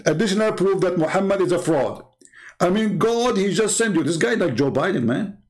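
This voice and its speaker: A man hosting a livestream with a fairly high voice. He talks in a mocking, sarcastic way and leans hard on his emphasis. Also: animated, fairly quick. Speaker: host. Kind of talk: livestream commentary.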